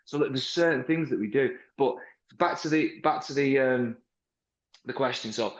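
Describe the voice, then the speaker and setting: A British car salesman chats in a lively, animated way, stumbling into restarts and slipping into little acted-out exchanges with customers. His middle-pitched voice sits in a roomy space, and the sound is a touch dull and muffled. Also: normal speed. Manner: animated, acts out sales-floor dialogues, frequent restarts. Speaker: car sales manager, interview guest. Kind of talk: casual interview talk.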